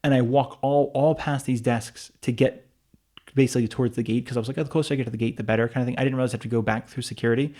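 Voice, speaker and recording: A man co-hosting a relaxed podcast conversation talks at a brisk clip. He spins a long story with plenty of restarts, asides and "like"s, and his voice sits at an everyday middle pitch. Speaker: podcast co-host. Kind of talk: casual chat.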